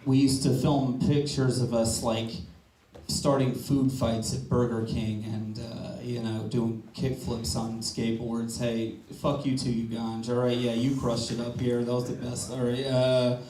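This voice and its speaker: A man's voice: mid-range voice, flat delivery, a little slow, mellow. A man doing open-mic stand-up in a rambling, laid-back way on a club stage. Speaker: stand-up comedian. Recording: echoey club, distant mic, faint noise.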